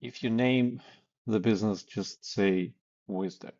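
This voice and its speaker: A man's voice: on the low side, unhurried, a little mellow, dull audio. A man coaching on sales calls in a blunt, casual way, with many fillers and acted example lines. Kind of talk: casual instructional talk.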